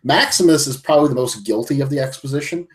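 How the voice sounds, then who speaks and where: A man's voice: medium pitch, quick pace. A man co-hosting a casual movie-review podcast, blunt and profane, often stumbling over his words. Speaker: podcast co-host.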